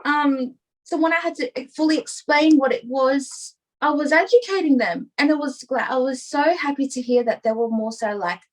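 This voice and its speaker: A woman's voice: sits high, normal speed, rough recording. A young adult woman talking openly as a podcast guest, rambling and filling her talk with "like" and "you know". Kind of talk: casual interview chat.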